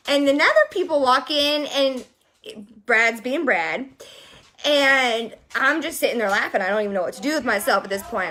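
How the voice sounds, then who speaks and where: A young woman telling a story casually to her viewers, animated and exasperated as she vents. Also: high voice. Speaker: vlogger.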